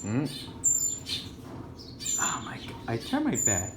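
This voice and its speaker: Woman w a really low voice, slow and teasing, scolding a parrot like a kid, birds squawking loud all around. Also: wildly swooping pitch. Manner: playful scolding, affectionate teasing. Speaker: animal caretaker. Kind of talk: casual vlog, talking to animals. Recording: loud bird noise behind the voice. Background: loud bird calls and chirping.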